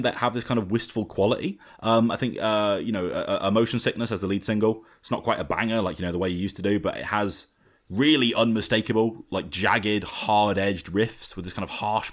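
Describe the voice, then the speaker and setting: A man with a fairly low voice talks through an album on a podcast. His delivery is casual and animated, full of fillers and quick restarts, like chatting with friends. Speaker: podcast host. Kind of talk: casual album review chat.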